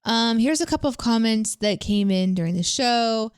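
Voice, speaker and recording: A woman's voice: on the high side, lively intonation, moderate pace, clear, resonant tone, no echo, clean studio sound. A woman co-hosting a podcast in casual chat, reading out listener comments. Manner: chatty, reads listener comments. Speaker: podcast co-host.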